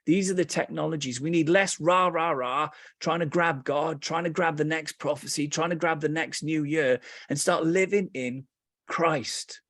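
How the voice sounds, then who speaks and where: A man with a British accent teaching meditation, telling lively stories with playful asides, then slowing and softening into calm guidance. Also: a little high, dry recording, studio quality.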